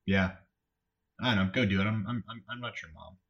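A man's voice: lowish voice, brisk, gravelly, dull audio. A young man giving a casual podcast outro in an awkward, rambling, self-deprecating way. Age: young adult. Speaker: podcast host.

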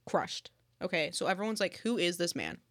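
A woman's voice: fairly low pitch, big pitch swings. Chatty young woman rambling about sports. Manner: rambling, fast, heavy "like" filler. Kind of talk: casual sports chat.

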